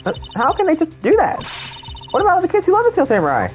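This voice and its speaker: A streamer voicing an excitable teenage girl sidekick, reading game dialogue aloud in squeaky high outbursts. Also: fast, faint music behind, full character voice. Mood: pleading. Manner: shrill, pleading.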